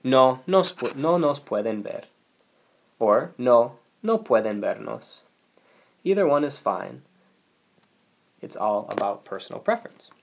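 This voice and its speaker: Male teacher, mid-pitched voice, patient explainer for a recorded video lesson. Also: big pitch swings, measured pace, creaky, long pauses, slight background noise. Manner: patient, explanatory, reads example sentences aloud. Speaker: language teacher.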